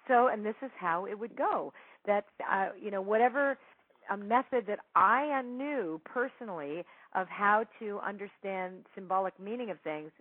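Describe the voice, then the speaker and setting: A woman's voice: mid-range voice, normal speed, no room sound, phone-quality sound. Woman chatting on a thin phone-ish line, laughs a lot, acts out quotes, dry sound. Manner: chatty, laughing, animated quoting. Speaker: psychic medium guest telling a story. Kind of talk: casual storytelling interview.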